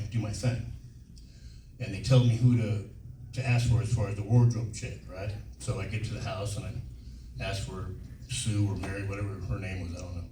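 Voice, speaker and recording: Profane older man telling stories in a hall. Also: lowish voice. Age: 60s. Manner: profane, rambling, laughing anecdotes. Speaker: convention panel guest. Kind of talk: casual storytelling on stage. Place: convention panel room. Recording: echoey hall, distant mic, faint hiss.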